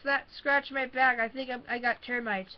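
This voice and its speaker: A woman's voice: high-pitched, fairly even intonation, normal speed, lightly acted. Menacing ventriloquist dummy read by a woman, growled taunts, muffled lo-fi sound. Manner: threatening growl.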